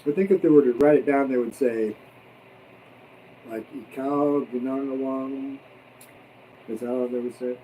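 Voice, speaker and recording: A man's voice: medium pitch, a little fast, long pauses, mellow, far from the mic, a little hiss or hum, poor audio. A man hosting a casual mukbang livestream, chatting and joking while he eats. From abroad, expat. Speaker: livestream host. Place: home in the Philippines.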